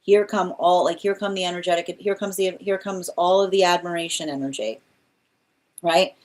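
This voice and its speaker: This tarot reader has a fairly low voice with fairly even intonation and a moderate pace. During her live reading she rambles through repeated restarts and exasperated remarks, laughing a lot as she mocks.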